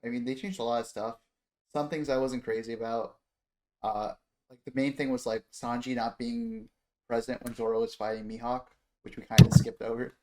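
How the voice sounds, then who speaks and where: Relaxed man in a podcast chat. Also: mid-range voice, normal speed, slight background noise. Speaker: podcast co-host. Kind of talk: casual chat.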